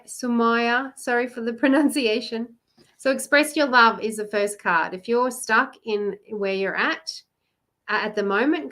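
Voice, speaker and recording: A woman with an Australian accent runs a live card reading about love, chatting with viewers and greeting them by name. Her voice sits a little high and has a bright, forward edge. She laughs easily and talks warmly to the people who are watching. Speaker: love coach and card reader.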